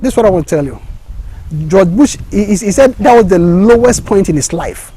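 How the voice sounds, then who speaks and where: A man giving a motivational talk in an impassioned way, often repeating words and restarting, with excited peaks. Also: sits high, fairly quick, slightly rough.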